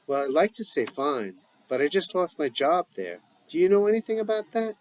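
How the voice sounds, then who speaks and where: A man's voice: fairly high pitch, big pitch swings, a little fast, a little mellow, pitched above the performer's own voice. A man as a tense, anxious professor. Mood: urgent. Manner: tense, urgent, pleading. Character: anxious middle-aged male professor.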